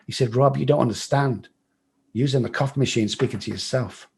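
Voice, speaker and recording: English man, middle-aged, husky voice, blunt storyteller, swears a lot, podcast guest. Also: medium pitch, a little fast, a little mellow. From England. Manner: blunt, swears freely, acts out other people's lines. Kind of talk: storytelling in an interview.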